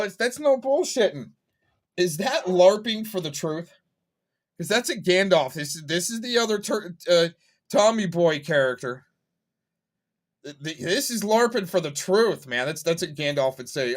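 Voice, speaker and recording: A man's voice: on the high side, expressive, normal speed. A man reacting to an old clip on his stream, laughing often and rambling in amused, mocking commentary.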